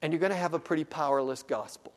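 A male pastor with a high voice delivers a sermon that swings between quiet, hushed asides and loud, drawn-out, climbing exclamations. His voice rings out with a long reverb in a church sanctuary.

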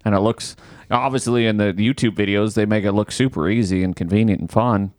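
A man's voice: lowish voice, steady tone, brisk, darkish tone, dry recording, studio quality. A man hosting a podcast, telling a story in casual chat, swearing freely and acting out his own exasperation. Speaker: podcast host.

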